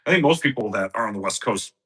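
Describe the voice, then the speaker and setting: A man's voice: fairly low pitch, lively intonation, quick pace, a bit bright. A man co-hosting a podcast in casual chat, mostly giving brief agreeing replies. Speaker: podcast co-host.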